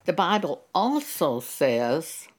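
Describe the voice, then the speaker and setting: A woman giving a Christian testimony in a measured, earnest way, often quoting scripture. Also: low-pitched, very animated. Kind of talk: slow spoken testimony with scripture.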